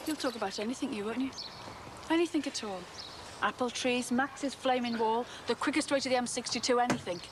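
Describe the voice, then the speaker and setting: An actress playing an exasperated, reproachful wife in a TV soap, recorded outdoors. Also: female voice, on the high side, brisk, noisy background, lightly acted. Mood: mocking. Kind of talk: TV soap acting.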